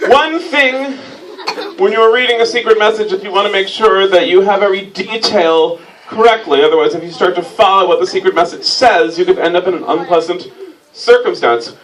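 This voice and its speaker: A man hosting a comic stage reading, teasing his volunteers in a dry, mock-pompous deadpan. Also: sits high, brisk. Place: stage before a live audience. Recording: distant mic, loud crowd laughter and noise.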